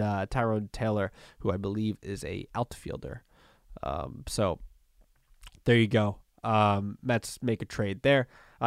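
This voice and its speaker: A male podcast host running through sports news in a casual, rambling way, full of "you know" and "uh". His voice sits at an ordinary middle pitch. The sound is dry and close, with no room echo. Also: vocal fry. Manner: loose and conversational, with many fillers and restarts. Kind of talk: casual solo sports talk.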